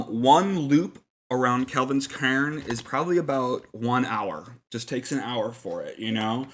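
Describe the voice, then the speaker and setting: A man's voice: medium pitch, fairly bright tone. A man giving casual game-master tips in a loose, filler-heavy, mock-serious way. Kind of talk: casual rambling advice.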